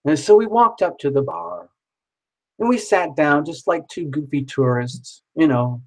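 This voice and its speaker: A man telling a personal story in a casual, animated way, swearing freely and acting out the other people in it. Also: fairly high pitch, a little slow, rough recording. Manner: animated, swears casually, acts out quoted voices.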